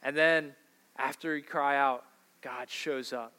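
A man's voice: mid-range voice, fairly even intonation, takes it slowly, sharp tone, clear, resonant tone. A man preaching a sermon as a pastor in a conversational way, asking the congregation questions.

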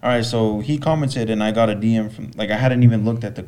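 A young man in casual podcast chat, telling an animated story and cursing freely. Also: fairly low pitch, fast, smooth. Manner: animated storyteller quoting others, swears freely.

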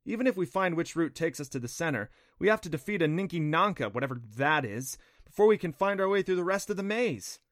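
A man's voice: fairly high pitch, lively intonation, fast talker, hardly any pauses, fairly bright tone, no echo, clean studio sound, voice pushed up. A man doing a fretful young girl adventurer.

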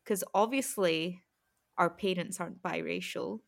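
A woman hosting a casual interview, asking relaxed, friendly questions and laughing lightly. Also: lowish voice, measured pace, creaky. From Scotland. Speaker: host.

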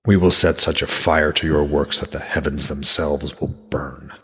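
A man's voice: a bass voice, level tone, moderate pace, bright, forceful tone, slightly rough, in a large hall, voice pushed down, heavily acted. A man voicing a bitter, vengeful male trickster god who speaks in menacing accusations from a storybook. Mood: bitter, threatening.

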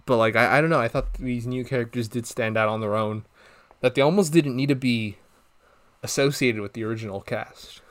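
A man's voice: medium pitch, brisk. A young man co-hosting a podcast, chatting casually about a movie and acting out lines from it with laughs. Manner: animated, acts out quotes with laughs. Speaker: podcast co-host. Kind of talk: casual movie review chat.

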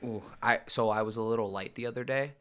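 A man with a bright, crisp, smooth voice chats easily, agreeing readily and laughing often. His tone stays relaxed. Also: mid-range voice, quick pace. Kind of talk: casual chat.

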